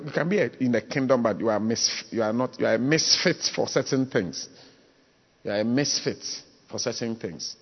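A man preaching a sermon as a pastor, repeating himself and often asking listeners whether they understand. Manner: mimics high voices for humor. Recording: dull, reverberant hall.

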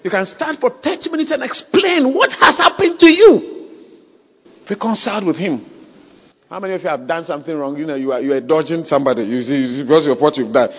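A man pastor preaching a sermon at a church service, emphatic and repetitive, leading the congregation in shouted call-and-response. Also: on the high side, animated, fairly quick, dull audio.

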